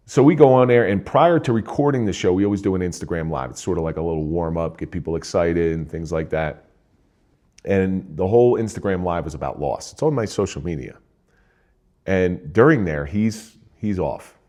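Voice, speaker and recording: A man's voice: low-pitched, expressive, fairly quick, darkish tone. An older man from New Jersey, a retired police officer, telling a somber personal story in a plain-spoken way.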